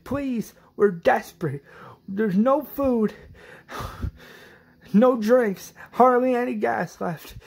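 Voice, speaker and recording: A man voicing a desperate adult male survivor pleading at a locked door, his voice pushed up high and strained, breaking into shouts. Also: extremely slow, gravelly, long pauses, slightly rough, full character voice. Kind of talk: retold fan-series scene.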